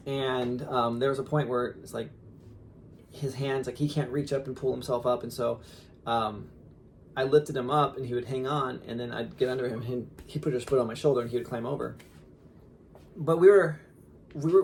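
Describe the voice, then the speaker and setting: A man in his thirties, a father, telling a story casually on a podcast in an animated way with lots of fillers. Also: medium pitch, moderate pace, slight background noise. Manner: animated, laughing, lots of fillers and quoted asides.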